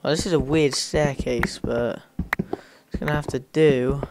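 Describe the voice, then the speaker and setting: A man's voice: mid-range voice, fairly even intonation, measured pace, very noisy. A man hosting a gaming channel, casually commenting on his gameplay in a rambling way and talking straight to his viewers. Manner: rambling, talks to viewers while playing.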